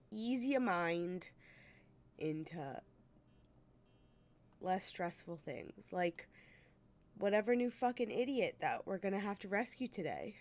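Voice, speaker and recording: A congested woman streamer talks in an unhurried drawl into her desk mic, greeting viewers one by one. Her nose is blocked from a sinus infection, and her chatter is loose and sprinkled with swearing. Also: mid-range voice, darkish tone. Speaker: game streamer. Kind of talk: casual stream chat.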